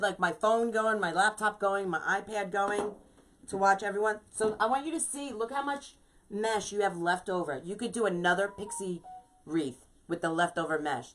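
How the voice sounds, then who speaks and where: A woman's voice: mid-range voice, slight background noise, low-quality recording. A woman with a New York accent hosting a casual live craft tutorial, chatting with viewers and dotting her talk with "you know". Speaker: craft shop owner hosting a live wreath-making stream.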